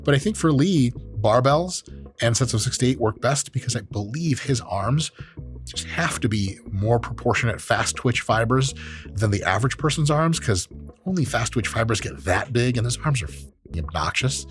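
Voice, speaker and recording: A man's voice: medium pitch, lively intonation, moderate pace, faint music behind. A man who is an exercise science professor, hosting and giving joking, profane commentary on training clips. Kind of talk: casual commentary on training videos.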